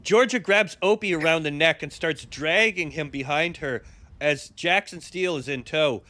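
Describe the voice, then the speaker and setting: A man's voice: a little high, normal speed, sharp tone, dry recording. A man narrating an improvised role-play story with friends on a live stream. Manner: storytelling, breaks into laughter. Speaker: streamer guest.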